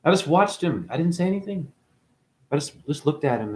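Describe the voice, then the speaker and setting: A man's voice: a little high, sing-song, a little fast, darkish tone. Man ranting profanely at viewers. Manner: preachy, swears freely, addresses viewers directly. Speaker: vlogger. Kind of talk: profane spiritual rant.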